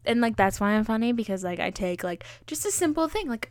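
A woman's voice: medium pitch, lively intonation, fast, few pauses, a little mellow, no echo. Woman rambling on her own podcast, jokey and self-mocking, lots of "like"s, dead dry sound. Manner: chatty with many fillers. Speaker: podcast host. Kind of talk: casual solo podcast chat.

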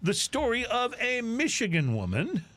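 A man's voice: very high voice, moderate pace. A man co-hosting a podcast, casually chatting and reading out comic news stories. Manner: jokey, animated storyteller. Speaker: podcast co-host.

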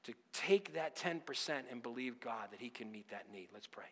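A man's voice: mid-range voice, expressive, moderate pace, a bit bright, long reverb tail. A man preaching a sermon, telling a story with voiced quotes and exhorting his church to give. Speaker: pastor. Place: church sanctuary.

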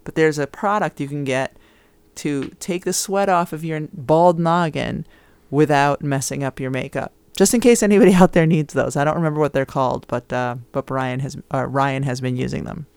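Smooth-voiced woman talking basketball. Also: low-pitched, normal speed, a little mellow, no echo. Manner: chatty, upbeat, with fillers. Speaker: podcast co-host and basketball analyst. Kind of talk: casual sports chat.

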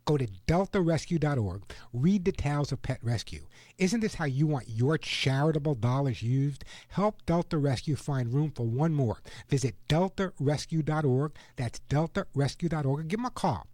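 A man hosting a radio pet show, reading ads in an earnest, urging way and slowly repeating phone numbers. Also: a little high, a little mellow, no echo. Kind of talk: host-read radio ad.

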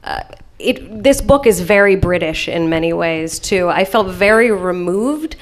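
A woman's voice: on the low side, expressive, unhurried, slight background noise. Chatty American woman on a panel. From United States. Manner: chatty, laughs between phrases. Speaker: guest. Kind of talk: live panel discussion.

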